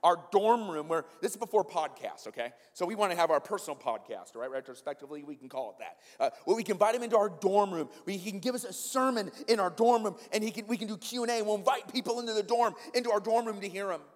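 Brief: male pastor, 40s, fairly high voice, lively conversational sermon, long hall reverb. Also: fast, few pauses. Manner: animated, conversational, addresses the congregation directly.

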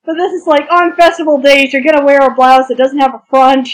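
A woman's voice: sits high, flat delivery, brisk, low-quality recording. A woman co-hosting a podcast, chatting casually and enthusiastically about history and stories, with crude humor. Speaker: podcast co-host. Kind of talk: casual chat.

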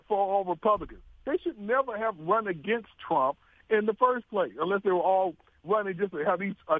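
A man with a notably high voice talks politics on the radio with emphatic rhetorical questions and frequent laughs. The sound is dry and thin, like a phone line. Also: no echo. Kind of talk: casual political talk radio chat.

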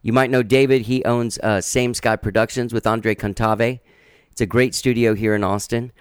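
A male podcast host talks in a loose, rambling monologue, drifting into a laid-back drawl and restarting his sentences. His mid-pitched voice sits close to the mic in a dry, dead room with no echo. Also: fairly even intonation, moderate pace, smooth. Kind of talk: casual monologue introducing a guest.

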